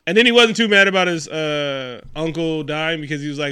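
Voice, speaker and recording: A man's voice: on the high side, animated, moderate pace, few pauses, sharp tone, smooth, no room sound, studio quality. A man co-hosting a casual movie review chat, rambling and laughing, swearing and acting out the characters. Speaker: podcast co-host.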